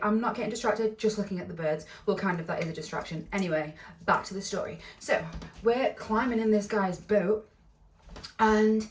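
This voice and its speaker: In a casual storytime vlog, a woman with a mid-range voice rambles along, bubbly and giggly, full of tangents. The recording is from an echoey room, her voice somewhat off-mic and distant, with a slight hiss or hum.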